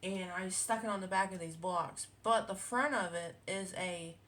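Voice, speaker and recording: A woman's voice: mid-range voice, moderate pace, fairly bright tone, a little hiss or hum. A woman, a quilting vlogger chatting casually at home, rambling with many fillers and restarts. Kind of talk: casual chat. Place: home with cats.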